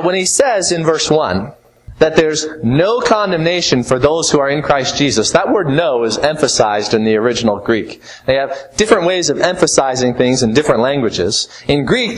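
A man's voice: a little high, rough recording. A man preaching an expository sermon, earnest and emphatic, with phrases that swing from rising to falling.

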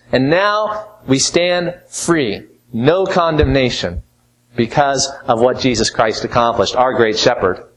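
Male preacher, slightly high voice, very animated intonation, earnest and emphatic teaching delivery. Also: poor audio. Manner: earnest, emphatic, wide swings between rising and falling phrases. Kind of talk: expository sermon.

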